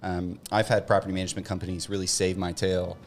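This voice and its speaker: A man co-hosting a casual podcast chat about real estate, talking in quick, emphatic bursts with joking asides. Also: low-pitched, level tone, faint music behind. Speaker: co-host.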